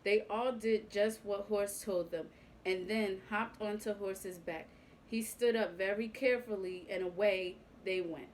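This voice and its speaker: A young woman reading a picture book aloud to young children, clear and expressive with the animal sounds. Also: medium pitch, measured pace, a little hiss or hum, poor audio. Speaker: youth club reader.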